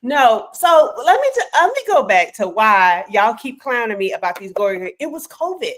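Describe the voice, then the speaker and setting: A woman co-hosting a casual chat, telling a family story in an animated, playful way. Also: a little high, moderate pace.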